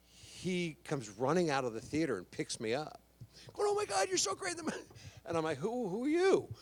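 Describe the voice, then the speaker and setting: A man in his sixties from Houston, a guest actor on a convention stage, telling rambling anecdotes and acting out the voices of people he quotes. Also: mid-range voice. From Houston, Texas, USA. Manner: animated, acts out quoted voices, rambling restarts. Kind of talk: anecdotal storytelling to a live audience.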